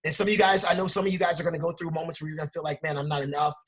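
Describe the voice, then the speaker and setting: A man giving a loud, fired-up, blunt motivational talk as a guest trading teacher, laughing often. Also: a little high, fairly even intonation, rapid-fire.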